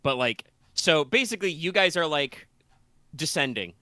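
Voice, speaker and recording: A man's voice: on the high side, lively intonation, moderate pace, pushed and bright, no room sound. A man narrating a tabletop game as game master, talking loosely with many fillers and restarts.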